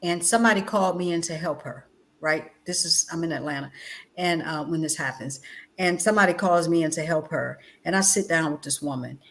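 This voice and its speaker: A middle-aged woman, a guest educator and former chaplain, telling stories in a passionate conversational way. She speaks insistently and repeats phrases, swinging between loud outbursts and low, quiet passages. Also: a little fast. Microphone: video call.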